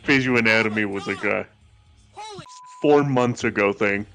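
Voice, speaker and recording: A man co-hosting a livestream, talking casually and haltingly with many fillers. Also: fairly low pitch, over music. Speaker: stream co-host and student.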